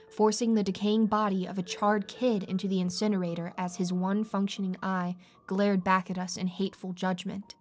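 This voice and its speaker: A woman narrating a horror story in a steady, dramatic storytelling manner, with faint music behind. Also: medium pitch.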